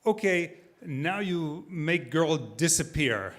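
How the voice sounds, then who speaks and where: A man doing a gruff Russian ballet director. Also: on the high side, animated, slow pace, slight background noise. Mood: blunt. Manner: terse broken English.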